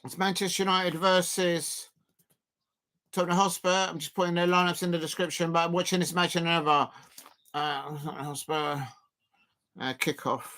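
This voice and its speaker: A man streaming a live football watch-along, chatting loosely with lots of fillers and sudden bursts of excitement. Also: a little high, normal speed. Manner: rambling, filler-heavy, bursts of excitement at chances.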